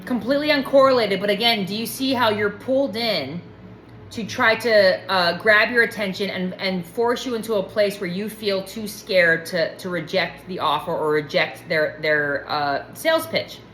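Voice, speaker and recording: A woman's voice: medium pitch, normal speed, a bit bright, slight background noise. A woman telling a personal story in a casual, digressive way, often drifting off track and acting out what people said. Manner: rambling, digressive, acts out quoted dialogue. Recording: roomy echo.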